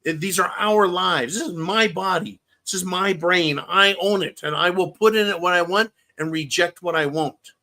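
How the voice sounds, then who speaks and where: A man's voice: high-pitched, normal speed, few pauses, bright, forceful tone. A man hosting a political commentary livestream, ranting with heavy profanity and repeating his points for emphasis. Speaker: livestream host.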